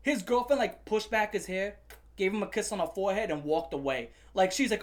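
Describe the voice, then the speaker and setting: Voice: mid-range voice, normal speed. A commentary host ranting angrily, swearing often and repeating phrases for emphasis. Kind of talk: profane angry rant.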